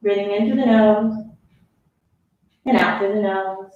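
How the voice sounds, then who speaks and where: Breathless but encouraging, a woman teaching yoga offers casual cues and counts down the breaths in an unhurried, steady, medium-pitched voice. The recording is muffled, with the mic distant in a highly reverberant room.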